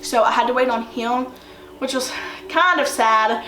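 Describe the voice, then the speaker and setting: A young woman tells a personal story in a loose, rambling way, leaning on fillers as she goes. Her voice sits a little high. The sound is roomy and echoey, picked up by a mic some way off. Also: normal speed, fairly bright tone. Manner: chatty, rambling with many fillers. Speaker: vlogger. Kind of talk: casual storytelling. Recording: roomy echo, distant from mic, faint noise.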